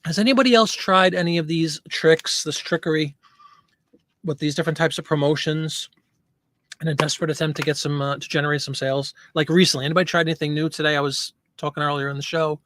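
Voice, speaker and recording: A man's voice: a little high, fairly even intonation, fast, fairly bright tone, no echo, clean studio sound. A man hosting a live stream, chatting casually and answering viewer comments.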